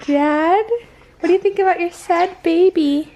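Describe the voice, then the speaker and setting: A woman in her thirties talking to her family in a casual home video, high in pitch and swinging widely up and down as she laughs and coos. Her speech is drawn out and unhurried, with faint noise behind. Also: very animated, creaky, warm tone. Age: 30s. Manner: playful, laughing, coos at the baby. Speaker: mother filming her family.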